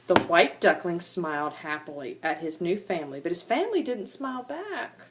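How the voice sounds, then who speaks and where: Animated grandma reading a storybook aloud. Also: female voice, on the low side, normal speed, few pauses, background noise. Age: older. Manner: animated, sing-song, chatty asides to grandchildren and a dog.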